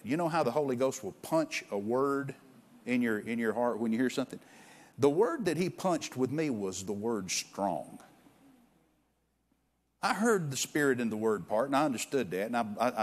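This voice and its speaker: A man preaching as a guest pastor in a church, talking casually, often restarting and repeating words, and reading scripture aloud with emphasis. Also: mid-range voice. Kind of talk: sermon. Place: church sanctuary.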